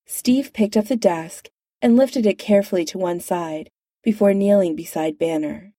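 A woman narrating fiction in a measured, expressive audiobook reading. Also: medium pitch, dry recording, studio quality.

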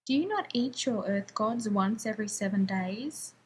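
A woman's voice: medium pitch, lively intonation, slight background noise, natural voice. Woman doing a formal, unflappable alien diplomat woman. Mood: reasonable. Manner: formal, measured, maddeningly reasonable.

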